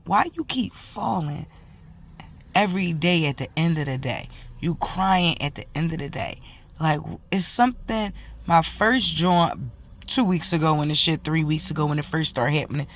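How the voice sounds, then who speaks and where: Heated, profane woman telling a story. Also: low-pitched. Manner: emphatic, heated, profane, talks in run-on bursts. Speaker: mother. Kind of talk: casual storytelling to camera.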